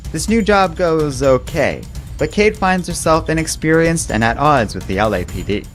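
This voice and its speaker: Man narrating a comic recap with a lively voice. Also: medium pitch, no room sound. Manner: measured, storytelling delivery. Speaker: comic book reviewer. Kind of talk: scripted story recap narration.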